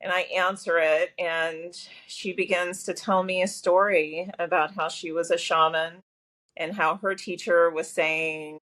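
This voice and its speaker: A woman's voice: fairly low pitch, little pitch movement, a little slow, fairly bright tone. A woman guest telling a personal story in a podcast interview, talkative, with lots of fillers and restarts. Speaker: guest, massage therapist.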